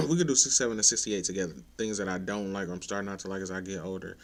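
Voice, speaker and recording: A young man talks in a deep, low voice. He runs through a list of his pet peeves in a laid-back, profane way. Now and then his voice climbs in exasperation. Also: rapid-fire, gravelly. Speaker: content creator ranting to viewers. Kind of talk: casual opinion rant.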